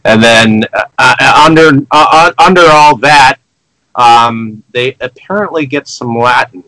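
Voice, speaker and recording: A man on a casual podcast recapping a film plot, halting, with many fillers and restarts. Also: medium pitch, sharp tone, dry recording, low-quality recording. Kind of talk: casual chat.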